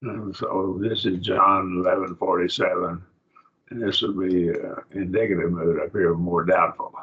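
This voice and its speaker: A plainspoken, folksy man, a preacher, teaching a slow Bible Greek grammar lesson to a class. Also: sits low, level tone, breathy edge. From rural. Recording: dull lo-fi classroom recording.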